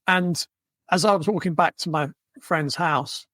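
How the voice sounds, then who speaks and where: A man hosting a podcast, talking in a relaxed way and often affirming his guest. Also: a little high, a little slow, no room sound. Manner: relaxed, affirming with frequent yeahs and mms. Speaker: podcast host. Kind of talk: podcast conversation.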